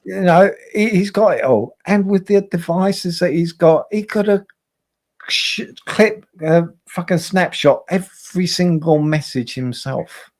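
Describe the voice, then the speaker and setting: A man's voice: high voice, lively intonation, measured pace, a little mellow. A man hosting a casual livestream chat, talking bluntly with lots of swearing and repeated words. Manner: blunt, profane, repeats himself. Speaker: host.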